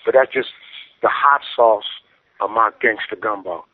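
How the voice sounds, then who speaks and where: A guest rapper from the San Francisco Bay Area phones in with shout-outs, his fairly low, slightly rough voice moving a little slowly. He speaks in emotional, preachy slang while fighting back tears. The phone line sounds dry and tinny, with no echo.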